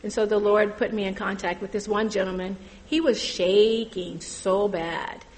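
A woman's voice: medium pitch, fairly even intonation, darkish tone, rough recording. Earnest middle-aged woman sharing testimony. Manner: earnest, halting storytelling with many fillers. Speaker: church volunteer sharing testimony. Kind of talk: personal testimony to a group.

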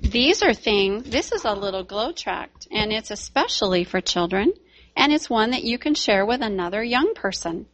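A woman teaching children at church tells a Bible story and gently talks to the kids. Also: medium pitch, lively intonation, normal speed.

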